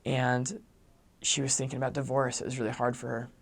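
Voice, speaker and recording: A man's voice: mid-range voice, a little fast, creaky. A young adult man, a returned missionary, telling a story in a casual, chatty way and saying "like" a lot. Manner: chatty, heavy use of "like", animated.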